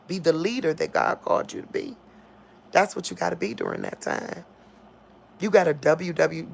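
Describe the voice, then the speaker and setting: A woman giving an informal spiritual talk on a livestream. She laughs often and acts out quotes in a loud voice. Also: lowish voice, gravelly. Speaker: online preacher.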